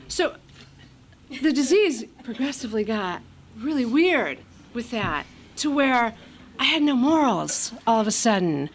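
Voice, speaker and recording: A woman's voice: on the high side, big pitch swings, a little slow, a little hiss or hum. A middle-aged woman from California giving a candid recovery share at a meeting, blunt, profane and self-mocking, with a lot of fillers.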